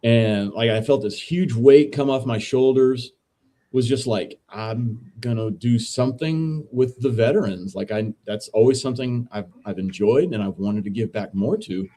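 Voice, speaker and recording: A man, a veteran and podcast co-host, casually telling a story as a guest in a relaxed, profane, dude-heavy way. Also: medium pitch, moderate pace. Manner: laid-back, profane, says dude a lot.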